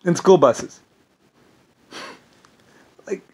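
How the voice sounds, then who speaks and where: A man's voice: medium pitch, normal speed, long pauses. Indignant man ranting, swearing. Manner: profane, indignant, repeats words when stumbling. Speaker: vlogger. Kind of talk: angry rambling monologue.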